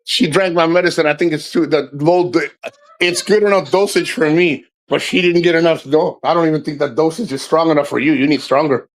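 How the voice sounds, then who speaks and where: A man's voice: fairly high pitch, steady tone, brisk, poor audio. A man hosting a casual livestream, talking in a rambling, jokey way and swearing freely. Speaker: livestream host.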